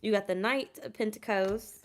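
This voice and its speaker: A woman with a drawl doing a casual tarot reading for her viewers. Her voice sits at an ordinary middle pitch, and she speaks to them in a loose, chatty way. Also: normal speed. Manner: chatty, emotional, addresses viewers as y'all. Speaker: tarot reader.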